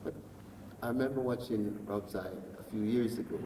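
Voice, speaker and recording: A man's voice: lowish voice, normal speed, dark tone. A man interviewing a singer in a friendly, complimentary way, often restarting his sentences. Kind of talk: casual interview talk. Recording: distant, echoey hall with faint noise.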